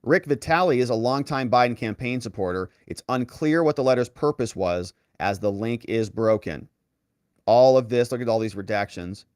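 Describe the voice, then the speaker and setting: A man's voice: mid-range voice, normal speed, darkish tone, smooth, no echo. Guy reading through documents on his channel, sarcastic, mid voice, dead dry room. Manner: sarcastic, incredulous asides. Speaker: legal commentary host. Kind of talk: online political commentary.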